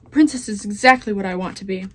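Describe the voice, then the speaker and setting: A teenage girl reading aloud, voicing a loud, simple, half-deaf serving girl with rustic speech. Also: mid-range voice, fast talker, natural voice. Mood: loud, eager. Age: teens. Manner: shouting, rustic dialect.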